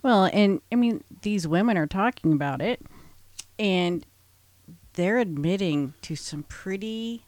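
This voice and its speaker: A woman's voice: mid-range voice, expressive, measured pace, a little mellow, no room sound. A woman co-hosting a casual podcast who mostly chimes in with short agreements. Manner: brief agreeing interjections. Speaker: podcast co-host.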